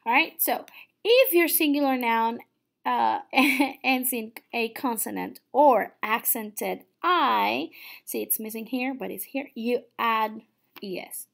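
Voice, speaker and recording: A woman's voice: on the high side, takes it slowly, gravelly, fairly bright tone. A young adult woman teaching a recorded online lesson, patient and explaining step by step, often checking in with "okay?". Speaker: Spanish teacher.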